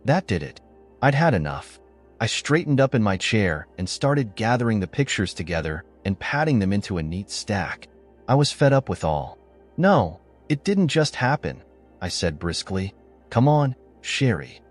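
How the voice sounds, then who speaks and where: A man's voice: lowish voice, very animated, normal speed, soft background music. A man narrating a first-person story, voicing the betrayed husband in a blunt, angry, sarcastic manner.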